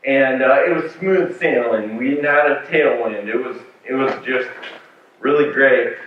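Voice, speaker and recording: A man's voice: mid-range voice, measured pace, a little hiss or hum. A man telling a personal story in a talk with slides, with many fillers and restarts. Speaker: speaker sharing a patient story. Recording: far-off mic in echoey hall, phone-like sound.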